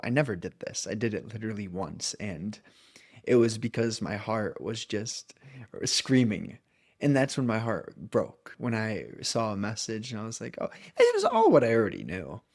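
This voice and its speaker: A young adult man speaking as a coach in a reflective monologue, earnest and loose, checking in with "right?" and "okay?". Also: fairly low pitch.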